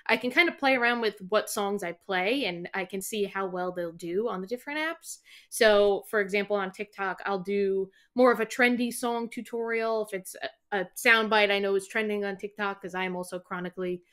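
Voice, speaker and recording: A woman's voice: mid-range voice, fairly quick, few pauses, a bit bright. Chatty young American woman. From United States. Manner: chatty, upbeat, explains at length. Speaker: guest ukulele teacher. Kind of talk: casual interview chat.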